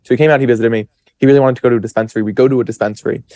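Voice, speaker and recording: A young man in his twenties talks as a podcast guest, rambling through his stories with plenty of fillers and acted-out bits of his own thoughts. His pitch sits in a middle range, and the recording is dry and close, with no room sound. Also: fairly even intonation, rapid-fire, mellow, no echo. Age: 20s. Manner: chatty, rambling with many fillers and quoted self-talk. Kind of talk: casual storytelling.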